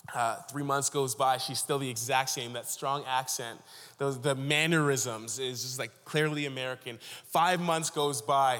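A man's voice: fairly high pitch, a bit bright, long reverb tail. A man from Ontario preaching a sermon as a pastor, telling stories earnestly with frequent restarts. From Canada (Ontario).

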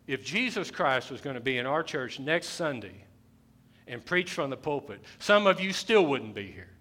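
A male pastor preaching a sermon, repeating his phrases and rising to loud, emphatic bursts. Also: medium pitch, sing-song, normal speed. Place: church sanctuary.

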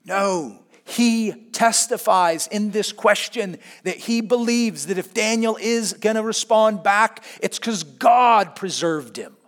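Expressive preacher with a high male voice. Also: slow, hardly any pauses. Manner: expressive storytelling, swings between hushed and emphatic. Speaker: pastor. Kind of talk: sermon.

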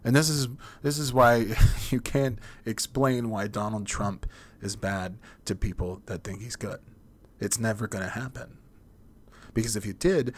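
Rambling, profane podcast host. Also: male voice, lowish voice, a little slow. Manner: rambling, profane, restarts a lot. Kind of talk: casual monologue.

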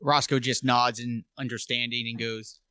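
A man playing in a tabletop game, relaxed as he narrates his character's actions. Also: mid-range voice, moderate pace, clean tone, no room sound. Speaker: player.

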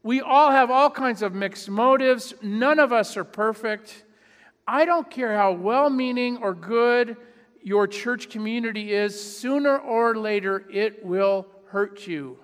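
A male pastor with a high voice delivers a sermon in an easy, conversational way, owning up to his own failings and acting out the voices of people he imagines. His words ring out with the long reverb of a church hall. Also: slow pace, fairly bright tone. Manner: conversational, self-deprecating preaching with mock voices.

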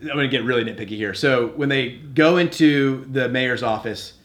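A man's voice: medium pitch, fairly quick. A man hosting a laid-back movie-review podcast, his voice sitting in a middle register. He talks animatedly, slipping into little acted-out quotes as he walks through scenes. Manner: animated, acts out quoted lines while recapping. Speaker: podcast host.

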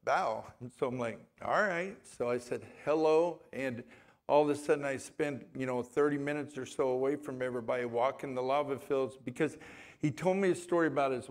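A man preaching a sermon as a pastor in a church, telling a story in a rambling, conversational way and reading scripture aloud. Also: medium pitch.

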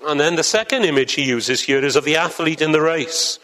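A man's voice: fairly high pitch, fairly quick, bright, forceful tone. A man preaching a sermon to a congregation in church, earnest and building to fervent emphasis. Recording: long hall reverb.

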